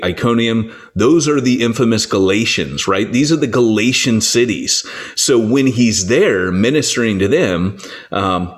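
A man, a church planting author, explaining scripture and his own story in a conversational teaching style, animated and full of restarts. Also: lowish voice. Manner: animated storyteller, acts out quoted voices, frequent restarts.

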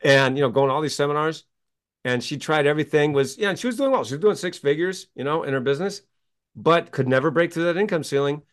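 A man's voice: a little high, quick pace. A man, a success coach and author, talking as a guest in an interview, telling stories emphatically and acting out quotes. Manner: emphatic, animated storytelling with acted-out quotes.

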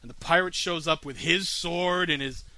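Man, radio host, boastful, sarcastic, very bright voice, dry close sound. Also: a little high, moderate pace, no echo. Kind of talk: comic radio question segment.

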